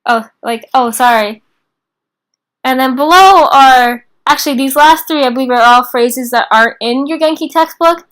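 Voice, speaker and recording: A woman's voice: high voice, a bit bright. Chatty young woman teaching beginners. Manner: chatty and informal, many "like" and "um" fillers, slows down to repeat phrases. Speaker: teacher of a beginner Japanese class. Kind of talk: casual online lesson.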